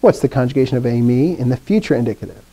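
Man, teacher, mellow warm voice, classroom lesson, recites drills, chatty explaining with fillers. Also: mid-range voice, expressive, rapid-fire.

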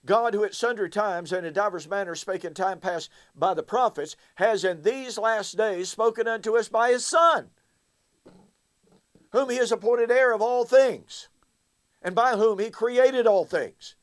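A man's voice: sits high, a little slow. A man giving a recorded Bible teaching, emphatic and fond of rhetorical questions aimed at his listeners.

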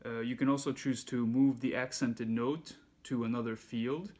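A man giving a casual music lesson, counting beats aloud in a relaxed way as he demonstrates. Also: mid-range voice, normal speed. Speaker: music teacher. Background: handpan playing.

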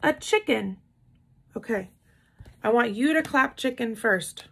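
A woman teacher speaking slowly and patiently to young children, drawing out each word as she counts its parts. Her fairly high voice has a gravelly, slightly husky edge. She keeps praising and coaxing her listeners along. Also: lively intonation, fairly bright tone. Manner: slow, patient, encouraging, claps out words syllable by syllable. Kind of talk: classroom lesson for young children.

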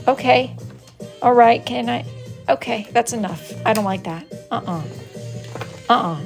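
Dry, sarcastic woman hosting a live stream. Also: on the high side. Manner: dry, sarcastic, mock-scolding. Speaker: wood-burning artist hosting a live stream. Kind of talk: casual live-stream chat, reading viewer messages aloud.

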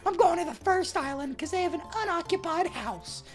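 A man giving excitable gameplay commentary, yelling at what happens in the game. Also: very high voice, brisk. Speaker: game streamer.

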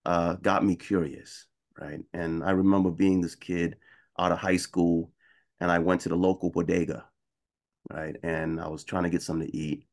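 A man on a video call panel telling a personal story in a conversational way, often checking in with "right?" and getting animated when he quotes other people. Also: sits low, moderate pace. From United States.

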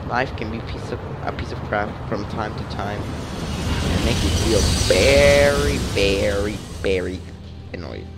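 A man's voice: lowish voice, unhurried, loud music behind the voice. A young man giving casual, emotional commentary over a video game, rambling and exclaiming often. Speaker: let's play gamer.

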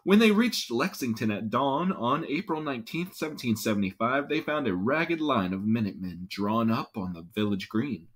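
Bright-voiced man reading a history lesson aloud. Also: on the low side, normal speed, hardly any pauses. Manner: expressive storybook reading, acts out quoted shouts.

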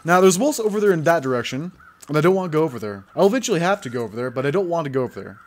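A young man hosting a let's play, rambling and self-mocking as he talks over his game, jumpy and easily excited. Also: a little high, very fast, a little hiss or hum. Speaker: gaming channel host.

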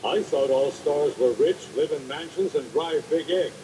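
A man's voice: a little high, unhurried, close to an everyday voice. An actor voicing a stern, skeptical male alien superior who gives commands from offscreen. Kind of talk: sitcom acting. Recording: distant voice with audible noise.

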